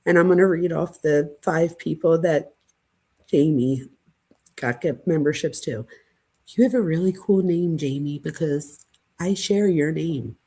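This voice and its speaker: A woman hosting a casual late-night livestream chat, gushing and excitable, dramatic by her own account, and often breathless. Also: low-pitched, unhurried, breathy edge. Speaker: channel host.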